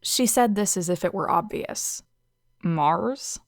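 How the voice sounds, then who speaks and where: A woman's voice: medium pitch, normal speed, dry recording. A young woman narrating a first-person audio story in a dry, sarcastic manner.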